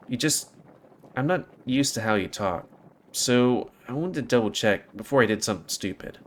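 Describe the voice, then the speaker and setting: A man reading a visual novel aloud with an expressive delivery and hesitant, stumbling asides. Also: medium pitch, moderate pace.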